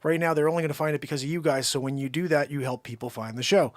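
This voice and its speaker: A man hosting a live stream with a slightly high voice, rambling through effusive shout-outs to his viewers. The sound is dry and close, with no room around it. His casual chat runs loose and upbeat. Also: rapid-fire, no room sound. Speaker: livestream host.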